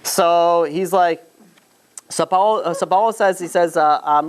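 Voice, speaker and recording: A man's voice: high-pitched, smooth. Man telling a story to a class. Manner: halting, full of restarts and "you know". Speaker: rabbi teaching a class. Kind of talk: informal storytelling lesson to students.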